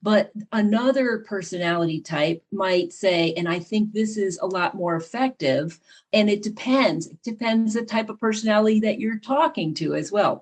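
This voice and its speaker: A middle-aged woman talks with a slightly husky, breathy edge. She explains earnestly and at length. She often slips into acted-out examples of how people speak. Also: mid-range voice, a little mellow. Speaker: podcast guest and leadership teacher. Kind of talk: conversational interview talk.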